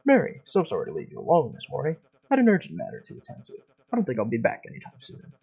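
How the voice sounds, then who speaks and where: A man's voice: mid-range voice, wildly swooping pitch, rapid-fire, creaky, a little mellow, slightly rough, exaggerated voice. A man reading out a polite, apologetic note from a kindly man, over a dull lo-fi recording with faint game music.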